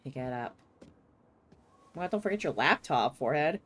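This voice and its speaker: A woman's voice: very deep voice, normal speed. A woman streaming a story game live, reacting casually with frequent swearing and laughter. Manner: expressive, swears often, laughs readily. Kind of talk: casual live gameplay commentary.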